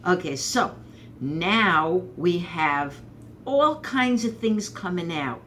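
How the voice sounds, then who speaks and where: A woman's voice: lowish voice, takes it slowly, slight background noise. A woman from Brooklyn, hosting a rambling, sarcastic political commentary monologue. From Brooklyn, New York. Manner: rambling, sarcastic, animated asides. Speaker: host.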